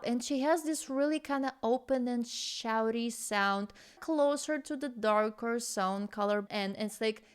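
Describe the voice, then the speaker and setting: A young adult woman, a vocal coach, reacting with excitement and explaining singing technique. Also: fairly high pitch, clear, resonant tone. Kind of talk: reaction commentary. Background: faint rock music.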